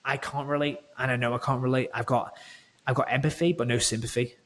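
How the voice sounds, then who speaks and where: A man's voice: mid-range voice, little pitch movement, quick pace, fairly bright tone. Chatty, rambling man swearing freely. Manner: rambling, swears freely, lots of fillers and restarts. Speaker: guest, online coach. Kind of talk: casual podcast chat.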